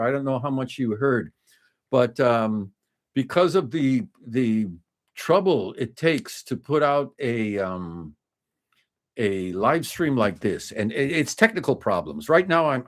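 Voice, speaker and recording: Man in his fifties, livestream host, casual rambling talk, mid pitch, chatty with viewers. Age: 50s. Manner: rambling, many restarts and fillers, chatty with viewers. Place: home desk, indoors.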